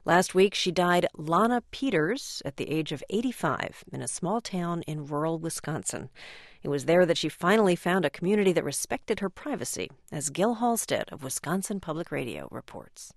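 A woman hosting a radio news program, reading in a crisp, steady manner. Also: fairly low pitch, normal speed, dry recording, studio quality. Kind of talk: scripted news presenting. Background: theme music.

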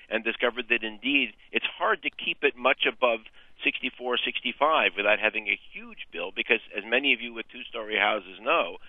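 Over a tinny phone line, a West Coast man calls in to a radio show and hesitantly explains his problem, using many fillers. His voice sits in the mid-range, with no room sound.

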